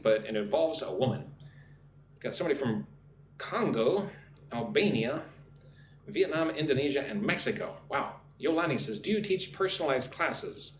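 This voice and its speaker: A male English teacher on a live stream, reading viewers' chat messages and modelling exam answers with pronunciation drills. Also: medium pitch. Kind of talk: live-streamed speaking lesson. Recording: roomy echo, faint background noise.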